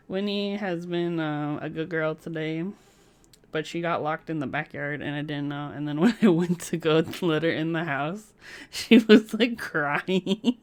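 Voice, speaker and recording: A woman chatting casually on a live stream from home, giggling often between remarks. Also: deep voice.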